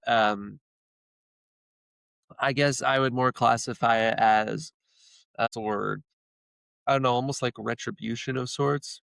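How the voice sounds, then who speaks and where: A man's voice: medium pitch, vocal fry, fairly bright tone, no echo. A man, a podcast guest, retelling stories in a rambling, casual way with many restarts. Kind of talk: casual storytelling chat.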